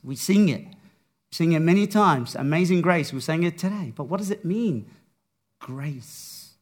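A man preaching a sermon, with a slow, dramatic delivery that swings from hushed to raised. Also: a little high, lively intonation.

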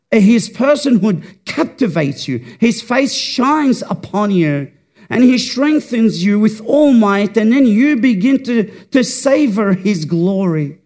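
Fervent, slow-preaching high-voiced man. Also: a little mellow. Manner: fervent, rhetorical, repeats words for emphasis. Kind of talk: sermon.

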